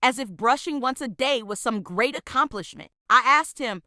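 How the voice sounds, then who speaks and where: Narrating a scripted storytime, a woman sounds exasperated and heavy with sarcasm, her bright, forceful, slightly high voice expressive and moderately paced. The audio is close and dry, with no room around it.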